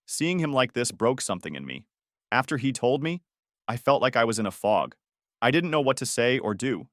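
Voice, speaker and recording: Expressive male storyteller with a lively voice. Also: medium pitch, no room sound, studio quality. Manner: emotional, with angry outbursts in quoted lines. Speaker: narrator. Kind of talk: first-person story narration.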